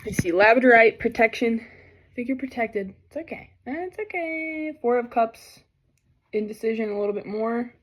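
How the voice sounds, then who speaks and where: A woman's voice: fairly high pitch, fairly even intonation. Tearful woman reading tarot cards. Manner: tearful, overwhelmed, halting and apologetic. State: crying at times. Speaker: tarot reader. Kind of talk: emotional tarot reading vlog.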